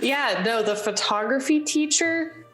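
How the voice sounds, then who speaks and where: A woman's voice: high voice, expressive, unhurried, a bit bright, reverberant, soft background music, poor audio. A woman playing a tabletop game over a video call, speaking in character in a mumbling, blunt way. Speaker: tabletop player.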